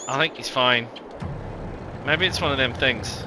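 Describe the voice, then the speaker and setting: A man's voice: medium pitch, a little slow, long pauses, noisy background. A man giving casual, rambling gameplay commentary, with lots of ums and self-corrections. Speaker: gaming video host.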